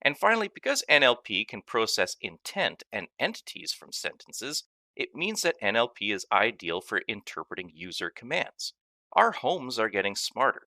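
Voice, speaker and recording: A man narrating a scripted technology lesson as a course instructor, explaining with lively emphasis. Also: medium pitch, moderate pace, dry recording, studio quality.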